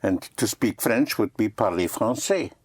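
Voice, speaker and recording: A man giving a French lesson in an unhurried, patient way, saying every word again and spelling it out one letter at a time. His voice sits a little low, and the sound is close and dry with no room echo. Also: expressive, breathy edge. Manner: patient, repeats words and spells them letter by letter. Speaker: French teacher. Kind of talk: language lesson.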